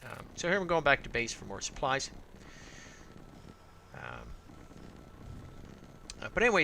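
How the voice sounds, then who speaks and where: A man's voice: medium pitch, sharp tone, slight background noise. A man from Arizona giving casual let's-play commentary, rambling and thinking aloud with many fillers. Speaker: gameplay commentator.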